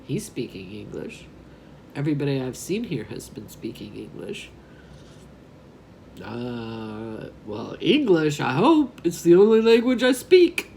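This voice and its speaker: A woman's voice: very deep voice, very animated, measured pace, gravelly, mellow, a little hiss or hum. A woman in her twenties from New York, telling a rambling story on her vlog and often laughing at herself. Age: 20s. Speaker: vlogger.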